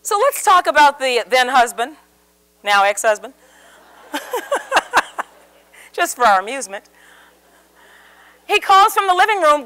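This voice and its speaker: A woman with a high-sitting voice speaks at a measured pace, pausing often, during a live seminar. She's a communication speaker telling a story animatedly and acting out quoted voices.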